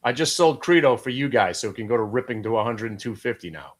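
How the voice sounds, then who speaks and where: A fast-talking, expressive middle-aged man with a mid-range voice hosts a live day-trading show. Brooklyn, New York is his home, and his accent shows it. His delivery is brash and profane, peppered with joking asides.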